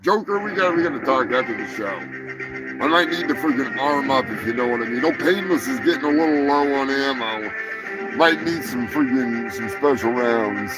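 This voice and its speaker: A man's voice: mid-range voice, animated, normal speed. A man hosting a live stream show, chatting casually and crudely, rambling and swearing freely. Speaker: livestream show host. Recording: music playing behind.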